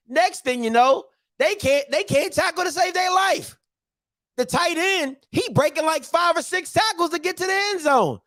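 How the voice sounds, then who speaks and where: Man, very high voice, lively swinging pitch, slangy sports rant, dry close mic. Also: no echo. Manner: excitable, repetitive, slangy trash talk. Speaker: sports show host. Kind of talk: animated sports recap rant.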